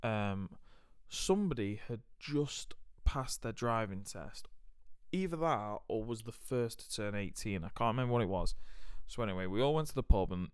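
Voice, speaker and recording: Animated young British man, smooth voice. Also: on the low side, moderate pace, no room sound, studio quality. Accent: British English. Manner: animated, swearing, many fillers. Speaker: podcast host. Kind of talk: casual storytelling chat.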